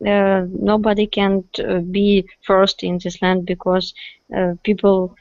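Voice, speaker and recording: A woman's voice: medium pitch, flat delivery, slow pace, darkish tone, no echo, dull audio. Hesitant Russian-speaking woman learning English. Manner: hesitant, searching for words. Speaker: language student.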